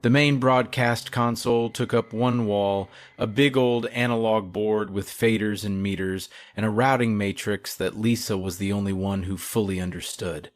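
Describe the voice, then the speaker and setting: A man reading a horror story in a measured, hushed, low-key way. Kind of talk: scripted horror narration.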